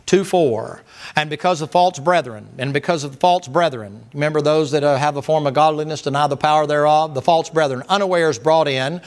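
A man preaches to his congregation in a folksy, emphatic style, leaning on rhetorical questions and plain colloquial grammar. His voice sits a little higher than most men's. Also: fairly quick. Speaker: pastor. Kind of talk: sermon.

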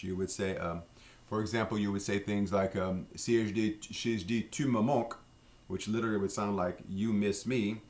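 Here a French teacher from Louisiana, his voice low and gravelly, leads a laid-back vocabulary lesson. His delivery is unhurried, full of fillers, with pronunciations repeated slowly.

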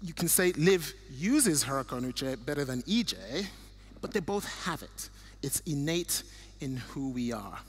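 A middle-aged Nigerian man, appearing as a guest speaker, gives an earnest church talk with slides, telling stories warmly and restarting often. His fairly high voice is expressive and slightly rough, moving at a measured pace.

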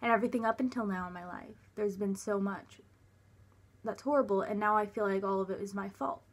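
Young woman, breathy husky voice, halting personal storytelling, many restarts and fillers, drops near a whisper. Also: medium pitch. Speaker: vlogger.

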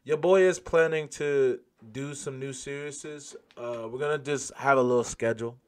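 A man hosting a gaming channel, chatting casually and yelling profanely at the game as he plays. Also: mid-range voice, fairly even intonation, normal speed, clean tone. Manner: loose, profane, laughs and yells at the game. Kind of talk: casual gameplay commentary.

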